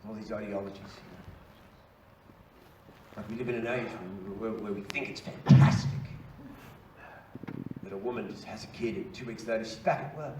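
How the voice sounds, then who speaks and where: A man's voice: on the low side, moderate pace, long pauses. A male stand-up comedian, delivering a profane, ranting routine to a live theatre audience. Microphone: stage mic captured from the audience. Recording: roomy, distant audience recording, noisy.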